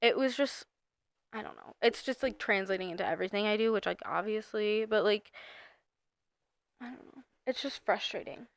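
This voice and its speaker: A woman's voice: mid-range voice, normal speed, no room sound. Young woman, casual podcast chat, rambling, filler-heavy, dry close sound. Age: young adult. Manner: rambling, many "like" fillers, animated bursts. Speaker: podcast co-host.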